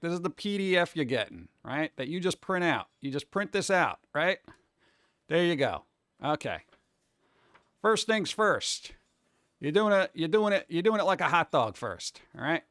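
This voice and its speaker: A man's voice: fairly high pitch, fairly bright tone, no room sound, studio quality. A man chatting casually on a livestream, rambling as he works and talking viewers through steps. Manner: rambling, talks to chat while doing tasks; hands-on, step-by-step instructions. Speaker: livestreaming artist.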